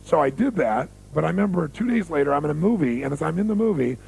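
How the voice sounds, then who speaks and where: A man telling stories in a motivational seminar, animated and full of rhetorical questions to the audience. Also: fairly high pitch, fast talker, gravelly, breathy edge, poor audio. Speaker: seminar speaker.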